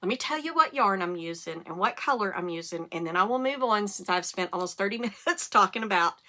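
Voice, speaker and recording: A middle-aged woman, hosting a casual knitting podcast and telling animated stories, with the occasional cough and hiccup. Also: medium pitch, a little fast. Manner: chatty, animated storytelling with rising excitement. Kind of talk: casual chat.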